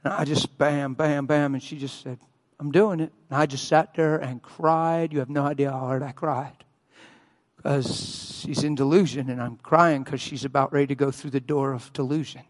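A man preaching a sermon as a pastor, telling a story and acting out the quotes with loud cries. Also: fairly even intonation, normal speed. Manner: acts out quotes, shouting and wailing at high peaks. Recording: long hall reverb.

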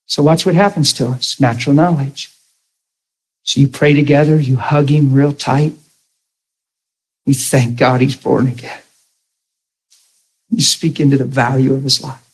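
A man's voice: medium pitch, a little slow, pauses often, slightly rough, rough recording. A man preaching a sermon, telling stories with acted-out quotes and laughing along with his audience. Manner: animated storytelling with acted quotes.

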